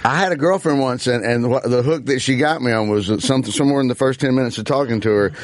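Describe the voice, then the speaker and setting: A man's voice: medium pitch, quick pace, no echo. Co-host, man, rambling joker, dry studio sound. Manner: rambling, joking anecdotes. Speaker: podcast co-host. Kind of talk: casual chat.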